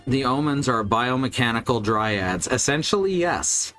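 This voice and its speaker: A man's voice: medium pitch, animated, normal speed, fairly bright tone, faint music behind. A man streaming a video game, chatting casually with a rambling, wry manner and casual swearing. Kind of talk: casual gameplay chat.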